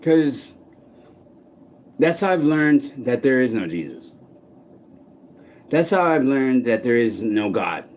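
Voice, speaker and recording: A man vlogging outdoors in a park, speaking in a blunt, halting monologue full of restarts and swearing. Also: medium pitch, very animated, a little mellow. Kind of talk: candid personal monologue.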